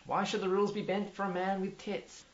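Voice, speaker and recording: A man's voice: sits high, level tone, a little fast. Guy doing a pompous aussie drama teacher, rambly, dull lo-fi echoey room, faint music. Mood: self-important. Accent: Australian. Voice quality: pompous, rambling with many restarts. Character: pompous self-important male drama teacher. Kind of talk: mockumentary comedy.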